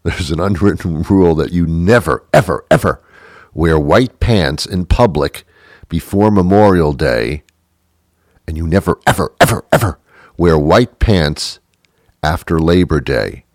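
A man hosting a comic monologue, ranting in a deadpan way with emphatic repetitions. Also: deep voice, a little slow, no room sound, studio quality. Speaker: host.

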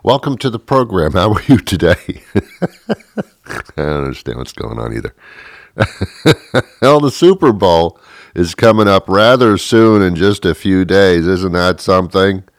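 Slow, deadpan male comic host. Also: low-pitched, no echo. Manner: deadpan and rambling, with many fillers. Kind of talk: comic monologue. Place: Boston area.

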